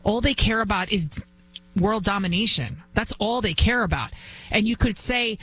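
A woman's voice: medium pitch, lively intonation, moderate pace, a bit bright, a little hiss or hum, rough recording. Impassioned woman commentator. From United States. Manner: impassioned, emphatic, repetitive. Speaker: political commentary host. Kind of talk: opinionated monologue.

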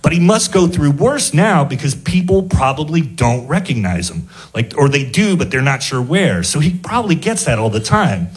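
A man's voice: fairly high pitch, big pitch swings, moderate pace, hardly any pauses. A male stand-up comedian telling a rambling anecdote and chuckling at his own jokes. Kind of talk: stand-up storytelling.

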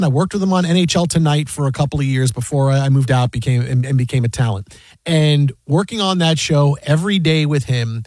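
Sports talk co-host, male, thirties; slightly husky, animated storyteller, acts out quotes. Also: fairly high pitch, dry recording. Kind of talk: casual radio chat.

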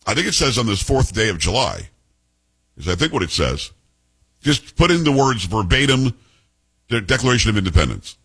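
A man hosting a talk radio show, chatting casually in an animated, opinionated, jokey way. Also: on the low side, moderate pace, pauses often, breathy edge, low-quality recording.

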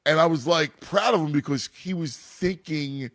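A man's voice: on the high side, normal speed, a bit bright, dry recording. Rambling man, dry close sound. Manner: rambling, many restarts and fillers. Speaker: youth baseball father and coach. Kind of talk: casual chat.

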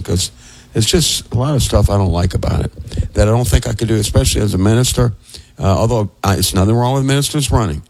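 A man's voice: lowish voice, darkish tone, dry recording, rough recording. A man who is a minister and radio co-host, talking casually in a rambling, digressive way with chuckling asides, speaking into a studio microphone.

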